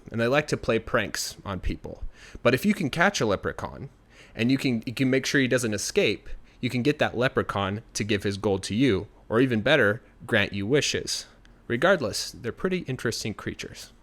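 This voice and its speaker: A man telling a folk tale in a relaxed, conversational way, adding asides like "you know". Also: lowish voice. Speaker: storyteller. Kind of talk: casual spoken storytelling.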